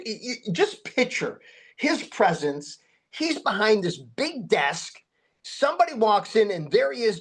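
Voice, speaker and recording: A man guest telling a long story in an interview. He talks at a middling pitch and swings sharply higher whenever he acts out someone's words. His delivery is animated and full of restarts. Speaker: guest, memorabilia collector.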